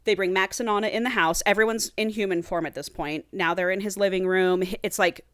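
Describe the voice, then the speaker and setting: A woman's voice: medium pitch, steady tone, brisk, no echo, studio quality. A woman co-hosting a podcast, retelling a book's plot in casual chat and acting out the characters' lines with swearing. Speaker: podcast co-host.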